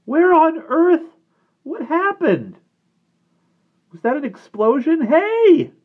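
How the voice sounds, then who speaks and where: A man voicing a scared teenage boy with a shrill, squeaky breaking voice. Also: big pitch swings, slow pace, exaggerated voice. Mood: anxious. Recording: tinny phone-like sound.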